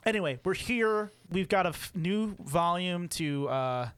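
Young male podcast co-host, clear, close, dry sound, rambly and playful, laughs a lot. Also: high voice, expressive, measured pace, a bit bright, no echo. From United States. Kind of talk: casual chat.

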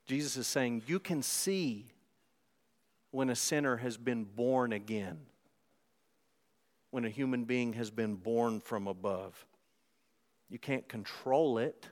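A pastor preaching a sermon in a conversational way, climbing louder and higher for emphasis. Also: male voice, slow pace, pauses often. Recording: preached in a reverberant hall.

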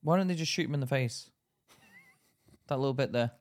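A man's voice: mid-range voice, normal speed. A man co-hosting a podcast, playfully questioning and joking in casual chat. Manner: playful, questioning, bursts into loud laughter. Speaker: podcast co-host.

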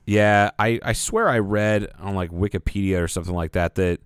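A man's voice: on the low side, moderate pace, clean tone, no room sound, clean studio sound. A man co-hosting a podcast, telling stories in casual chat, quoting people and swearing freely. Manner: storytelling, quotes people, swears. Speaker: podcast co-host. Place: podcast studio.

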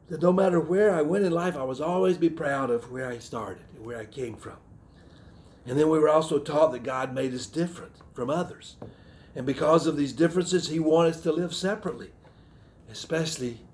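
A middle-aged man with a Southern American accent, preaching a sermon in an earnest, reflective way, often restarting phrases and clearing his throat. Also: fairly high pitch, darkish tone, a little hiss or hum.

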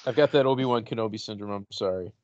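A man's voice: on the low side, racing, a little mellow, dry recording. A laid-back man reacts to a movie recap with dry, wry asides. His voice comes through a dry, somewhat muffled mic. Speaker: podcast co-host. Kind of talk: casual chat.

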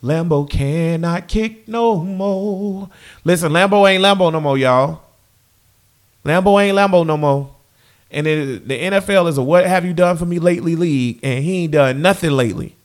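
A high-voiced young man breaks down his team's offense in a casual fan rant. He keeps circling back to the same phrases and talks directly to the people watching. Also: a little fast. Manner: animated, repeats phrases, talks straight to viewers. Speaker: sports fan commentator.

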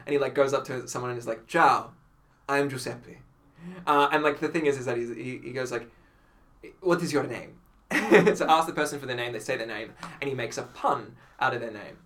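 In a relaxed podcast conversation, a male guest recounts stories with plenty of energy, voicing quoted lines and laughing a lot. His pace is a little fast and his pitch mid-range.

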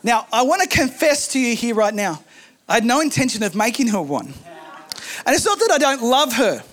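High-voiced man preaching. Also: fairly quick. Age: adult, married. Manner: animated storytelling with humorous asides. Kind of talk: sermon.

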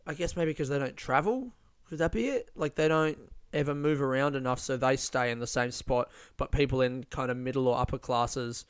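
A man's voice: mid-range voice, clean tone, dry recording, studio quality. A young Australian man, a stand-up comedian, rambling through a profane, self-mocking casual monologue.

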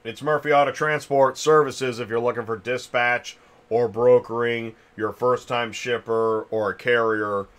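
Bright-voiced man, rambling host. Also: medium pitch, fairly even intonation, normal speed. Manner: rambling, thinks aloud with many restarts. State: chewing a cough drop. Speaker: podcast host. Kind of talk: casual industry chat.

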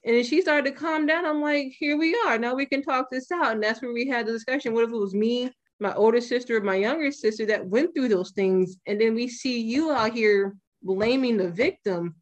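Young woman host, fairly high voice, blunt, swears freely, casual podcast chat. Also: a little fast, few pauses. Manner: blunt and profane, animated retelling.

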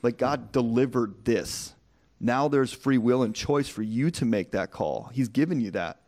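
A candid man speaking as a guest on a talk podcast, blunt and direct. He argues by everyday analogy in loose, conversational phrasing. His voice has an ordinary male pitch. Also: unhurried, a little mellow. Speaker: guest, newer churchgoer. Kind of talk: casual interview chat.

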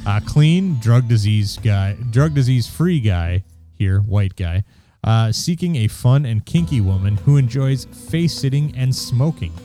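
A man's voice: medium pitch, expressive, a little slow, dark tone, faint music behind. A man hosting a podcast, reading personal ads aloud in a wry, crude way and laughing along. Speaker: podcast host.

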